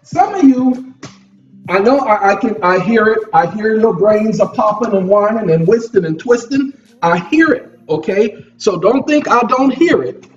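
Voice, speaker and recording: A man with a high-pitched voice lectures his viewers in a repetitive, preachy monologue from his computer desk. He keeps checking in with "okay?" as he talks. He sits back from the mic, and the lo-fi sound carries faint music behind it. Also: animated, unhurried, far from the mic.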